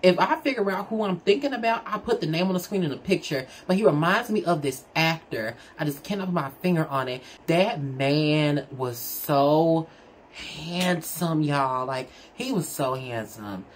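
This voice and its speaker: A woman's voice: moderate pace, a little hiss or hum. A woman telling a personal story in a casual, candid, chatty way, talking straight to her audience. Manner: chatty, candid, addresses the audience as "girl" and "y'all"; animated, with big swings in pitch. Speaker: storyteller vlogger.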